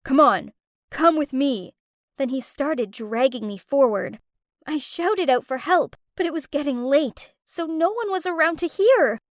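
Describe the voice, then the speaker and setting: High, lively woman narrating a drama. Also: a little slow, dry recording, studio quality. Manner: emotional, dramatic delivery. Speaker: storyteller. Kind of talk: scripted first-person story narration.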